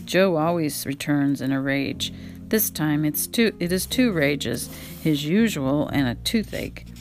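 A woman with a low, gravelly voice reads a memoir aloud at home at an easy pace. She drops into relaxed asides of her own between passages, while plucked guitar music plays clearly behind her. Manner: unhurried reading, breaks off to talk to her pet. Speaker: reader and podcaster. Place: home, indoors.

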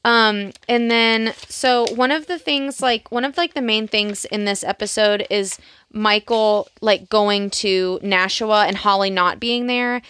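A chatty young woman co-hosting a casual podcast, quoting favorite scenes and acting out bits of dialogue. Her voice sits at a middle pitch and sounds close and dry, with no room around it. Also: steady tone, measured pace, a bit bright, smooth, no room sound. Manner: chatty, quotes lines in bursts of mimicry, many fillers. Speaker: podcast co-host. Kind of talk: casual chat about a TV show.

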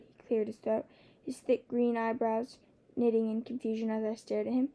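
A woman narrating a first-person novel as an audiobook, in a steady, measured storytelling manner. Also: on the high side.

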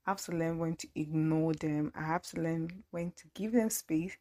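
A woman's voice: sits low, fairly even intonation, moderate pace, warm tone. A young Nigerian woman with a Nigerian accent, chatting playfully and laughing often as she reacts to replies. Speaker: podcast host. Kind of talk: casual chat.

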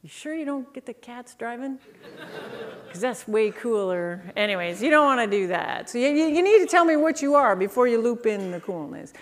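Canadian woman, middle-aged, keynote speaker, lively anecdotal delivery, acts out quoted people. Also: a little high. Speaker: speaker on market positioning. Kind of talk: storytelling keynote talk.

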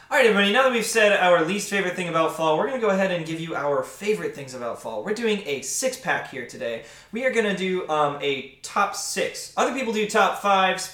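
A man's voice: high voice, sharp tone. A young man hosting a casual podcast chat, upbeat and rambling with lots of fillers. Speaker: podcast host. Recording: echoey room.

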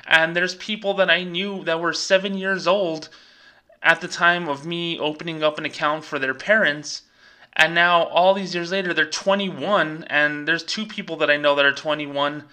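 Ranting man in his thirties, bright voice. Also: fairly high pitch. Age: 30s. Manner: animated, ranting, quick asides. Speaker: host. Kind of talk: casual commentary.

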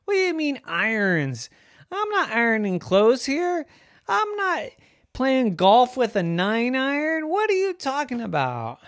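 A daydreaming little girl, high and whiny, demanding answers with wide swings of pitch, as a storyteller puts her on. She is lively and indignant. This is a bedtime-story voice, recorded close and dry. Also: measured pace, dry recording, full character voice. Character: dreamy distracted little girl.

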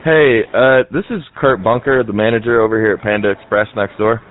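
A man doing a prank call as a confrontational male fast-food manager who swears at the person on the line. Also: fairly low pitch, fairly even intonation, close to an everyday voice. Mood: demanding. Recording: tinny, noisy phone line.

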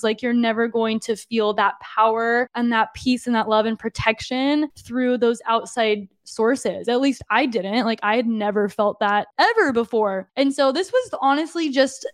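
A woman's voice: a little high, clear, resonant tone, no echo, studio quality. A young woman hosting a podcast, giving an earnest, confiding personal testimony, often saying "like" and speaking straight to her listeners. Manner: earnest and confiding, frequent "like", addresses listeners as "you guys". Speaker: podcast host and fitness coach.

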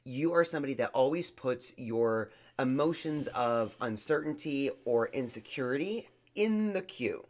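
A man's voice: mid-range voice, expressive, measured pace, hardly any pauses. Blunt, sarcastic man podcast co-host. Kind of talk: casual mock-therapy chat.

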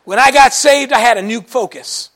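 A man preaching a sermon to a congregation, telling folksy stories in an animated way and breaking into shouts now and then. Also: very high-pitched, moderate pace. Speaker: pastor. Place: church service before a congregation.

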